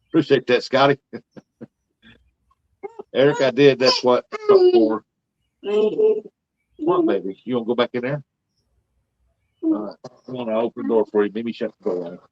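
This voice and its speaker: A man's voice: mid-range voice, dry recording. Older man hosting a livestream, folksy and rambling, heard through dull, dry lo-fi audio. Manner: folksy, rambling, drawling talk. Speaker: livestream host. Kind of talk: casual livestream chat.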